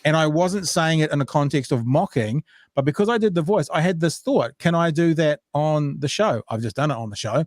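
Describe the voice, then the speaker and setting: A man's voice: on the high side, lively intonation, fairly quick, dry recording, clean studio sound. A man co-hosting a casual podcast chat, rambling and joking, often breaking off mid-sentence. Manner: rambling, self-interrupting, loose and joking. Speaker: podcast co-host.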